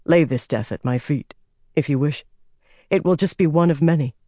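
A man voicing a stern, burdened young male king who speaks in a quiet, measured, grim way. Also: on the high side, no room sound, studio quality, natural voice.

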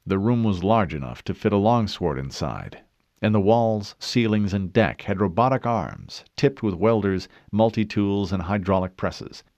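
A man narrating an audiobook in a steady, dramatic storytelling manner. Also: lowish voice, measured pace, no room sound, highs cut off. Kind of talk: scripted narration.

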